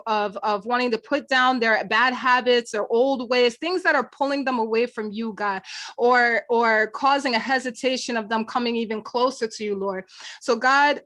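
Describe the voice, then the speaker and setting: A woman with a New York accent hosting a faith podcast, chatting casually and leading a prayer, animated and quick to laugh. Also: fairly high pitch. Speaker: podcast host.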